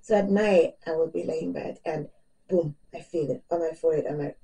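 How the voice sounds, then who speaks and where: A woman's voice: deep voice, a little fast, gravelly, mellow, recorded from a distance, rough recording. A middle-aged woman, chatting casually to camera as a vlogger. She laughs often and her voice keeps cracking on the edge of tears.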